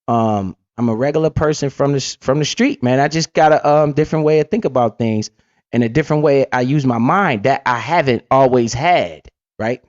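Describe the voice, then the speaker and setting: A blunt, streetwise man hosting a profane, casual money-talk livestream, with big swings in pitch as he talks. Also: fairly quick, no room sound, muffled recording. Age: adult parent. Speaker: livestream host.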